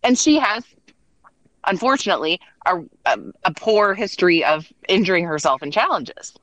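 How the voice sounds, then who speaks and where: A woman chatting casually as a podcast co-host, talking in quick bursts with plenty of "like" and acting out what others said. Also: mid-range voice, expressive, fairly bright tone, dry recording, low-quality recording. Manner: chatty, lots of "like" and restarts, acts out quotes. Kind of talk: casual chat recapping a reality show.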